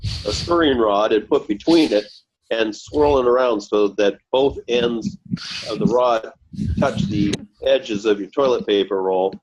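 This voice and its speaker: A man giving a slow, halting technical explanation over a video call, pausing often as he walks through pictures. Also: fairly low pitch, darkish tone, lo-fi sound, slight background noise. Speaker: research group member presenting. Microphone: computer mic on a video call.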